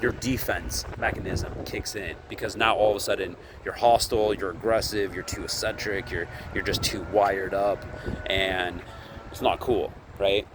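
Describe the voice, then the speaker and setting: A man's voice: deep voice, fairly even intonation, normal speed, noisy background. A man chatting casually to camera about his vending business, rambling and ending nearly every sentence with "right?". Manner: acts out quoted dialogue in his retelling. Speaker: candy vending business vlogger. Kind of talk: casual vlog talk to camera.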